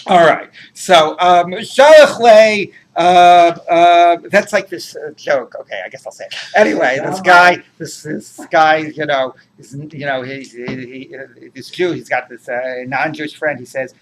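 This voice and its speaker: Rabbi explaining Talmud to a class. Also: male voice, on the high side, unhurried, few pauses, slight background noise. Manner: explains Aramaic text, translating line by line, digresses into jokes.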